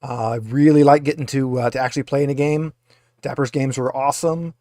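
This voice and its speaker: A man's voice: medium pitch, steady tone, a little fast, mellow, no echo, studio quality. A man running a tabletop game as game master, talking in a rambling way with many filler uhs. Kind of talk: narrating a tabletop game over a video call.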